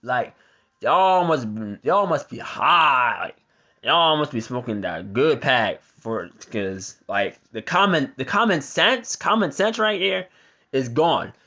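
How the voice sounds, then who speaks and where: A man's voice: medium pitch, expressive, takes it slowly, pushed and bright, muffled recording. A man doing reaction commentary on a news article, ranting with heavy profanity and stumbling over his reading. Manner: stumbles while reading aloud. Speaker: commentary vlogger.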